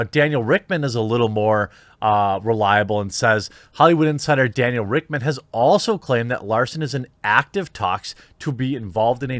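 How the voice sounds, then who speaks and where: A man's voice: mid-range voice, a bit bright, dry recording. Male online commentator, incredulous and sarcastic, medium voice, dry booth sound. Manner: sarcastic, incredulous, reads out reports then riffs. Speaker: commentary channel host. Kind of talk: opinionated commentary monologue.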